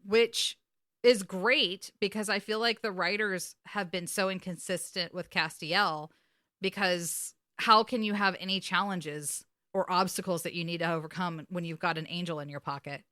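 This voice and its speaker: Woman, bright forceful voice, dry close sound, emotional swearing recap. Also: lowish voice, moderate pace, dry recording. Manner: emotional, swearing, animated retelling. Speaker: podcast co-host. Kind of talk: casual recap chat.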